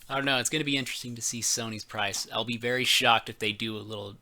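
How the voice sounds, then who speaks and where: A man's voice: mid-range voice, fairly even intonation, quick pace, gravelly, sharp tone. A man co-hosting a casual gaming podcast, rambling loosely and reading bits of an article aloud. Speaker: podcast co-host.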